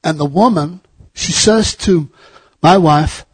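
A man's voice: fairly high pitch, slow, slightly rough. A middle-aged man preaching a sermon, telling a personal story that builds into fervent exhortation. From United States. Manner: anecdotal, rising to fervent exhortation.

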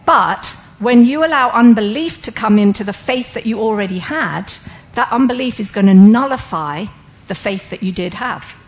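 A woman's voice: a little high, lively intonation, moderate pace, low-quality recording. Woman teaching a Bible class. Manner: engages listeners with questions; explanatory, breaks ideas down step by step. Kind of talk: interactive sermon teaching.

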